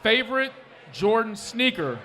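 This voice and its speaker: A man hosting a sports podcast with a high, bright voice, joking and animated as he fires off quick questions. He is recorded live in a restaurant. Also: a faint crowd. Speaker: podcast host. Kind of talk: casual interview.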